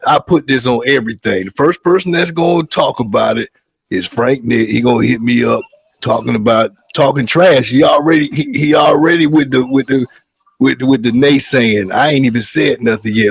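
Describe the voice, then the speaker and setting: Gravelly-voiced man hosting casual banter. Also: medium pitch, moderate pace, no echo. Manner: rambling, repeats words, trash talk. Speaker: host.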